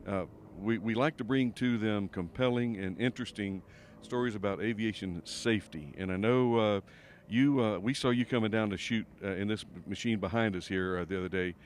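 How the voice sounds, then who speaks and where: A man's voice: on the low side, fairly quick, hardly any pauses. A man hosting an aviation show, doing a casual, jokey interview outdoors at an air race, with plenty of fillers. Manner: folksy, jokey, with many fillers. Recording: faint outdoor background noise.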